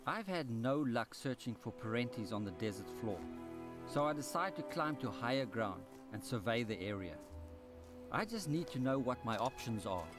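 Male documentary presenter, measured scripted voice-over with music behind, mid-pitched. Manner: calm, measured storytelling. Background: documentary score music.

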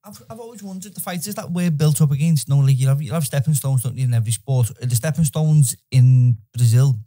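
Fast-talking podcast host. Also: male voice, medium pitch, mellow. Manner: quick, chatty questions. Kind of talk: casual interview.

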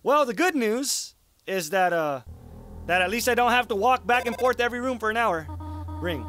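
A man's voice: extremely high pitch, expressive, moderate pace, bright, forceful tone. A young man casually commenting on his gameplay, cursing and mocking himself. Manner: casual, swearing, self-mocking, laughs often. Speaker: let's play host.

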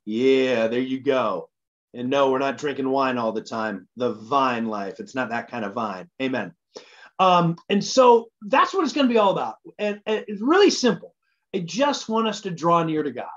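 A man preaching a casual midweek sermon as a minister, telling stories in an animated, joking way. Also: medium pitch, moderate pace. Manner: casual, animated storytelling with jokes. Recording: slightly dull lo-fi sound.

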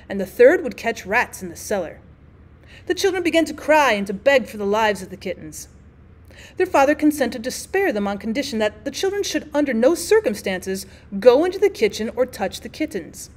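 Expressive woman reading a classic story. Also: on the high side. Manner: expressive reading with stray fillers. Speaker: teacher reading aloud. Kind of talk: audiobook narration of a classic story.

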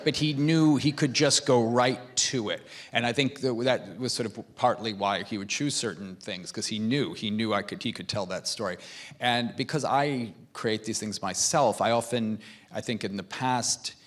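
Halting, low-voiced man on a panel. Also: a bit bright. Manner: halting, with many false starts and repeated words. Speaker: filmmaker guest on a panel. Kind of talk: conference panel conversation. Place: conference stage.

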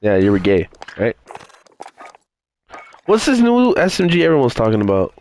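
A man's voice: mid-range voice, wildly swooping pitch, normal speed, darkish tone, slight background noise. A young man in casual party chat while gaming, teasing his friends and laughing a lot, on a headset. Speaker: gamer in voice chat.

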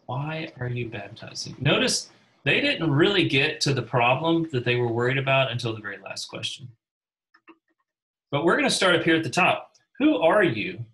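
A man's voice: medium pitch, sing-song, moderate pace, bright, forceful tone, low-quality recording. A man teaching a Bible class in a conversational way, calling on class members and acting out quotes in character voices.

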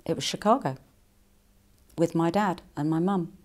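A middle-aged woman from England with a low-pitched voice answers fan questions in a relaxed, conversational way. She is chatty and playful and jumps up into brighter pitches when she quotes other people. She speaks as a stage actress and singer would. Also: a little slow, pauses often. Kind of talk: casual interview answers.

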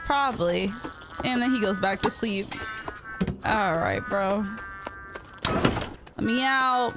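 A woman's voice: a little high, sing-song, slow, long pauses. A young woman streaming a video game, reacting with shrieks and laughter. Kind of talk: live game commentary. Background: game music and sounds.

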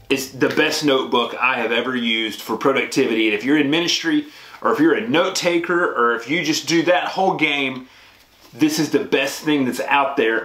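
A man's voice: mid-range voice, a bit bright. A man talking casually to camera in a chatty, rambling way, with many restarts and ums. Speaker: pastor and vlogger. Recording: echoey room with clear background noise.

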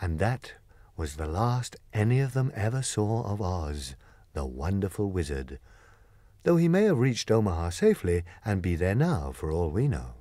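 A man narrating a classic children's story as an audiobook reader, expressive and clear. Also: deep voice, normal speed, dry recording. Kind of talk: storybook reading.

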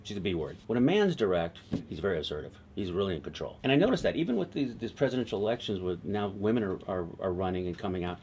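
A middle-aged man, a TV writer being interviewed, telling stories in a lively, conversational way and laughing easily. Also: low-pitched, fast, few pauses, slight background noise. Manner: animated, laughs easily, slips into quoted voices. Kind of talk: conversational storytelling.

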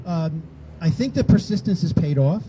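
An older rally organizer on a town green talks to the crowd conversationally at a moderate pace, animated and acting out quoted exchanges. His voice is on the high side, with background noise.

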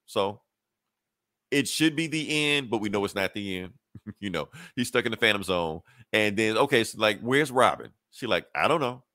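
A man's voice: on the low side, expressive, moderate pace, sharp tone, no echo, studio quality. A man co-hosting a podcast, retelling a comic plot in loose, slangy chat and quoting the characters. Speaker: podcast co-host. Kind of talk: casual comic recap.

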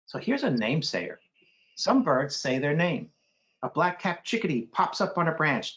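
Man, middle-aged, children's book reading, mimics birdsong, muffled low-fi sound. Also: normal speed. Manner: animated, mimics bird calls with sudden high hoots. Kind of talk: storytime read-aloud with bird call imitations.

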